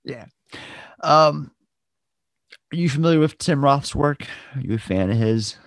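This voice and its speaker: Guy with a bit of fry hosting a movie podcast, asks his guest questions, dead dry sound. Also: mid-range voice, animated, a little slow, no echo. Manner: recaps plot, asks questions. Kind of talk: casual film discussion.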